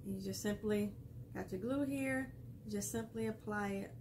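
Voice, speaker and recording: A woman's voice: mid-range voice, steady tone, normal speed, vocal fry, noisy background. A woman hosting a casual craft tutorial, chatty and laughing often as she explains each step while she works. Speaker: craft video host.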